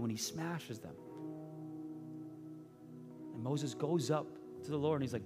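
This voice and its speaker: A man preaching a sermon, telling the story with lively voices, swinging from loud bursts to hushed, intimate asides. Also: mid-range voice, unhurried, pauses often. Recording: reverberant hall with faint music.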